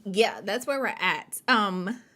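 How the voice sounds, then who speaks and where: A woman's voice: medium pitch, expressive, slow, bright, forceful tone. A woman hosting a writing sprint livestream, wired on caffeine, chatty and hyper, laughing often and talking to her viewers as y'all. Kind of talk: casual livestream chat.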